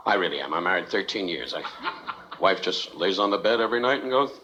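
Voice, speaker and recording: A man's voice: deep voice, expressive, fast. A man doing insult comedy stand-up, needling the audience and laughing at his own jokes. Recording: muffled old TV audio with heavy hiss.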